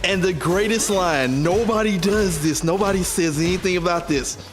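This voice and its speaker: A man co-hosting a casual gaming talk show, animated and laughing often as he acts out game lines. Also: high voice, normal speed, over music. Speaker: streaming show co-host.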